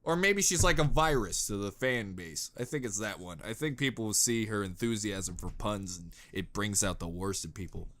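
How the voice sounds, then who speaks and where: A man hosting a reaction video, chatting casually and goofily, jumping between low mutters and excited yells. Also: normal speed, few pauses. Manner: goofy, exclamatory, jumps between mutters and yells.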